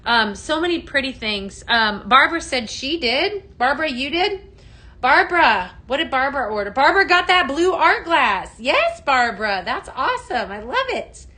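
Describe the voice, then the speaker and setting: Woman, livestream shopping host, chatty, upbeat, fairly high voice, vivid tone. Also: very animated, moderate pace, sharp tone. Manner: chatty, upbeat, reads viewer comments aloud. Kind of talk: casual product livestream.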